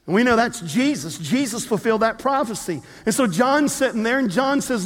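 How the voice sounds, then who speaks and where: A man preaching a sermon as a pastor, telling a story in a lively way with humorous asides. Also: very high-pitched, a little fast, hardly any pauses. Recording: long reverb of a large hall.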